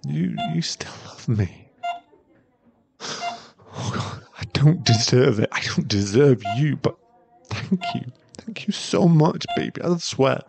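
A man's voice: medium pitch, expressive, slow, vocal fry. A man in an ASMR role-play, voicing a young boyfriend at a hospital bedside who pleads, stammers and sounds close to tears. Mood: remorseful. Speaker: ASMR voice actor.

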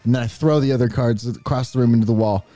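Animated man improvising a wild story. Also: medium pitch, fast, faint music behind. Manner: animated, bursts into shouted character lines. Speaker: podcast co-host.

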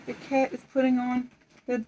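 High-voiced woman reading a storybook aloud. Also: monotone, highs cut off, background noise. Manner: playful, coaxing, giving quick directions. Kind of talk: home storytime read-aloud with pretend play.

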